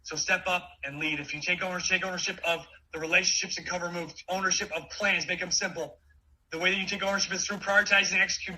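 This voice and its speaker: A man in his forties giving an energetic motivational talk, with many quick restarts. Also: high voice, breathy edge, low-quality recording. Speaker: keynote speaker.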